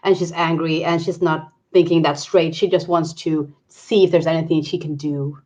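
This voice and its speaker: A woman's voice: sits low, steady tone, normal speed, a little mellow. A woman player describing her character's actions in a tabletop game, on dull lo-fi audio.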